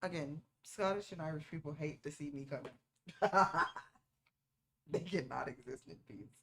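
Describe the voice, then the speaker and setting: Lowish woman streamer doing movie night commentary, jokey and nitpicky. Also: fairly quick, vocal fry. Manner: playful, teasing, nitpicking small details. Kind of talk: casual movie-watching reaction commentary.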